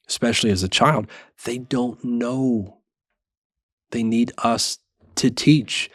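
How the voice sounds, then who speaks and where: A man in his thirties hosting a parenting show, talking in an earnest, measured and self-reflective way. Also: medium pitch, dry recording, studio quality. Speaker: parenting podcast host. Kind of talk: reflective monologue.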